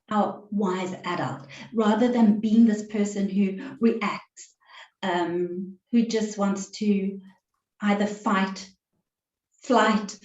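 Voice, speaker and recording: A woman relationships coach giving an online workshop presentation in a measured, deliberate way over a video call. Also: mid-range voice, mellow. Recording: roomy, slightly dull sound.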